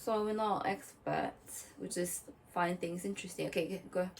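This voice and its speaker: A woman co-hosting a casual podcast chat, animated and fidgety, who swears and laughs as she talks. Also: lowish voice, moderate pace, creaky, recorded from a distance, low-quality recording. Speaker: podcast co-host.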